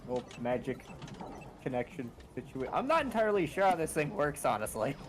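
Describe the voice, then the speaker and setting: A man's voice: a little high, big pitch swings, brisk, a little hiss or hum. A young man playing a tabletop game, laid-back and casual, swearing now and then. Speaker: player.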